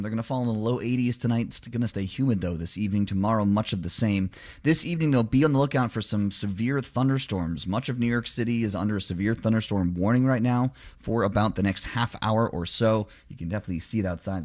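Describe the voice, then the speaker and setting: Brisk low-voiced male newsreader. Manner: brisk, plain delivery. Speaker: radio news and weather presenter. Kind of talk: local radio newscast.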